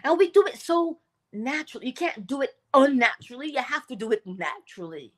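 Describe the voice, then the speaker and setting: Woman, morning livestream host, lively swinging pitch, emphatic, laughs a lot. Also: a little fast. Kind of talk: inspirational morning livestream talk.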